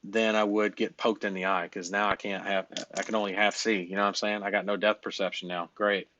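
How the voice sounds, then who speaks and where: A man's voice: fairly low pitch, flat delivery, a little fast, pushed and bright, dull audio, a little hiss or hum. A man coaching in a casual, rambling way, blunt and full of fillers and cursing. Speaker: business coach.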